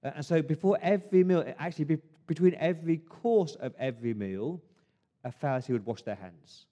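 A man preaching a sermon as pastor, conversational and emphatic, swinging between loud stresses and hushed asides. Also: fairly high pitch, a little fast.

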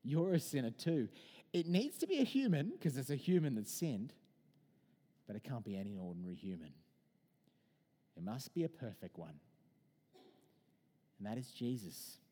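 A man in his thirties preaching in a chatty, animated way, his mellow voice swinging widely in pitch. He talks from a church, and his words hang in a long reverb. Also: normal speed, long pauses, slightly rough. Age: 30s. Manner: animated, conversational preaching with personal anecdotes. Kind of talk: sermon.

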